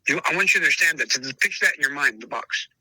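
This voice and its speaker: A man speaks in a casual interview with a forceful, tense edge to his fairly high voice. He stresses points by repeating them and keeps calling the listener brother. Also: animated, racing, breathy edge, no echo, rough recording. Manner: emphatic, repeats himself, calls listener brother. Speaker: podcast host interviewed as dog trainer.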